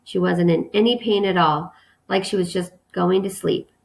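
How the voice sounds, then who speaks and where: A woman voicing a gentle, grieving father who speaks quietly and plainly. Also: lowish voice, steady tone, moderate pace, creaky.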